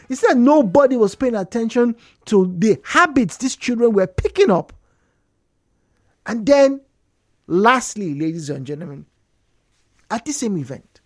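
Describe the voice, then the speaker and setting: A woman's voice: a little high, no echo, clean studio sound. A woman with a Nigerian accent hosting a radio talk show, telling a story with lots of emphasis and repetition. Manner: animated storytelling, repeats points for emphasis.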